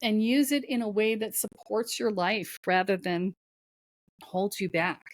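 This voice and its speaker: A woman's voice: medium pitch, measured pace, no room sound. A woman speaking as a podcast guest and spiritual coach, giving emphatic, blunt advice in short commands. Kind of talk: podcast conversation.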